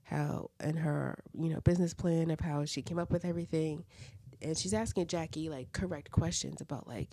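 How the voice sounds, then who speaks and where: A woman's voice: low voice, steady tone, moderate pace, mellow. A woman casually recapping reality TV episodes, chatty and full of side comments and "like" fillers. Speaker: reality TV reviewer.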